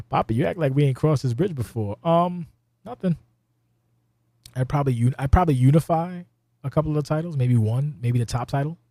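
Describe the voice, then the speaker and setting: Dude rambling on his podcast, swears a lot, gets fed up fast, mellow low-key tone, dead dry sound. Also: no room sound. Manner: loose, profane rambling with sudden exasperated outbursts. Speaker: podcast host. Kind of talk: casual podcast chat.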